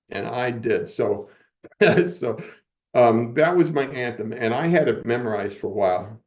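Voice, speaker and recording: A man's voice: mid-range voice, a little mellow, dull audio. A man in his seventies telling personal stories as a podcast guest, motivational and acting out quoted dialogue. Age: 70s. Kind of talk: personal storytelling in a podcast interview.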